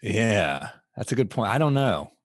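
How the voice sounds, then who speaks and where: A man with a New York accent co-hosting a casual drinking podcast, animated and swearing, laughing easily between lines. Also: fairly low pitch, unhurried. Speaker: podcast co-host.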